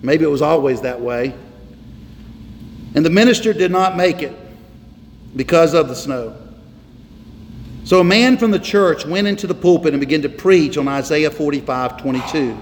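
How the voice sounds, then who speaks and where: A pastor with a voice on the high side preaches a sermon from the pulpit, animated and at a moderate pace with long pauses. He's emphatic and repetitive, hammering on single words, recorded in a reverberant hall with faint noise.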